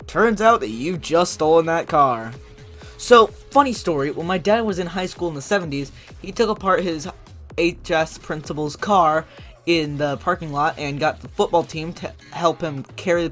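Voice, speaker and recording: A man's voice: a little high, a bit bright. A man reading posts from the internet aloud and mocking them in a sarcastic, incredulous way, often laughing. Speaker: commentary YouTuber. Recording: faint background music.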